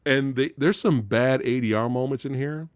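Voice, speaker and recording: A man's voice: mid-range voice, normal speed, smooth, no room sound, clean studio sound. A man hosting a casual live-stream movie talk, exasperated and profane, laughing as he goes. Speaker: movie channel host.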